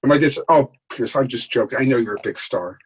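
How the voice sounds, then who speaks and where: Husky man telling showbiz stories. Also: mid-range voice, fast talker, low-quality recording. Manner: animated anecdote telling, acts out quoted voices. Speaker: guest, author. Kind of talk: storytelling in a podcast interview.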